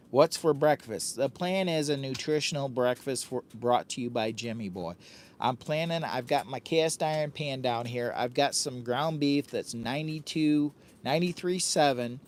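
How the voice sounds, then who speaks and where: A man's voice: mid-range voice, a little mellow. Hyper Midwestern man in his fifties. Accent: Midwestern American. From United States. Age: 50s. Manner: hyper, fast-rattling, jokey, sing-song asides. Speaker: camping vlogger and live streamer. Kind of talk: rambling live stream chat. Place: tent with a stove on a windy day, outdoors.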